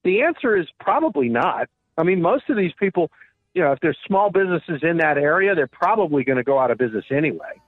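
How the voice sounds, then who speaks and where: A man's voice: a little high, sing-song, fast talker, no room sound. A man speaking as a guest commentator on a radio show by phone, exasperated and rambling with many fillers. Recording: tinny phone line.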